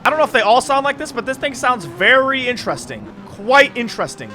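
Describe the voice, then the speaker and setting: A young man giving excited gameplay commentary as a gaming creator, blurting loud exclamations. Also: extremely high pitch, fairly quick, slight background noise. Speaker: gaming YouTuber. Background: game music.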